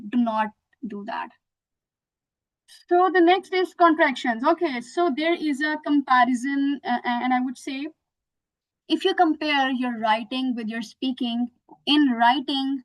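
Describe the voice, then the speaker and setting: Slow, high-voiced woman teaching. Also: low-quality recording. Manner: patient, explains slowly with many examples. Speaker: English teacher. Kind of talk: online lesson.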